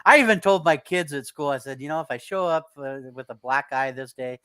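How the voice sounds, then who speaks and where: A middle-aged man co-hosting a casual sports talk show, halting and stammering as he restarts his sentences. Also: a little high, bright, forceful tone, smooth, no echo.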